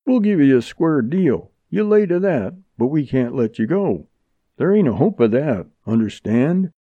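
Man voicing an easygoing outlaw, drawling frontier talk, scornful, raised pitch, dull lo-fi. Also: big pitch swings, measured pace, dry recording. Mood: easy, scornful. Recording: dull lo-fi audiobook recording.

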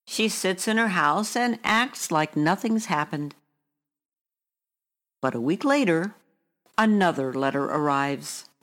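A woman reading a short story aloud in a measured, hushed way. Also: lowish voice, animated.

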